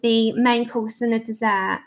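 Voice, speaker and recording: An English woman with a raised pitch and a gravelly edge chats casually to her viewers, explaining as she goes. The sound is dull and lo-fi, like a home livestream picked up on a basic mic. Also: steady tone, unhurried. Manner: chatty, explains as she works. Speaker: livestream host. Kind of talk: casual chat while colouring.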